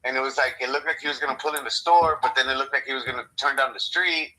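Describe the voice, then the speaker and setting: A man's voice: mid-range voice, fairly even intonation, fast, pushed and bright, poor audio. A young American man on a podcast, rambling and swearing as he tells a story, acting out both sides of a conversation. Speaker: podcast co-host. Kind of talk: casual chat.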